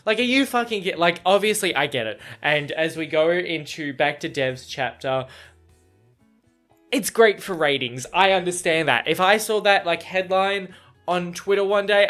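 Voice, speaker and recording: A man's voice: sits high, moderate pace, fairly bright tone, faint music behind. A man chatting casually in a reaction vlog about a book chapter, rambling with lots of fillers, restarts and swearing.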